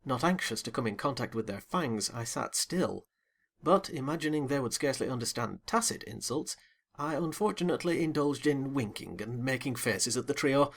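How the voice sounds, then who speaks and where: A man reading a classic novel aloud as an audiobook, with a lively, dramatic first-person delivery. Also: medium pitch. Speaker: audiobook narrator. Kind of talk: expressive audiobook narration.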